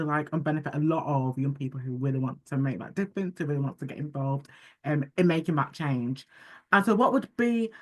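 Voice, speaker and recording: A man hosting a podcast, interviewing a guest in a warmly encouraging, effusive way. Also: a little high. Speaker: podcast host. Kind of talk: casual interview.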